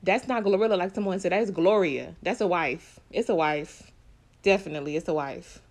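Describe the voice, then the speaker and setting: A woman's voice: lowish voice, moderate pace, a little hiss or hum. A woman giving casual, opinionated live reaction commentary on an awards show, chatty and full of slang.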